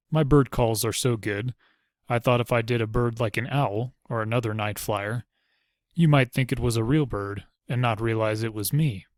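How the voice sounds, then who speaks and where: A man's voice: mid-range voice, no room sound, close to an everyday voice. A man voicing a wry male ranger commander with a dry, teasing humor.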